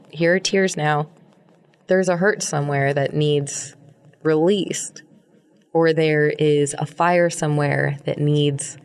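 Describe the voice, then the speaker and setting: A young woman hosts her own solo podcast, musing in a loose, wandering way. Her voice has a gravelly fry at the bottom, and she restarts phrases and repeats words as she works through her thoughts. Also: low-pitched. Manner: rambling, repeats words, frequent fillers and laughs. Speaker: podcast host. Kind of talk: reflective solo monologue.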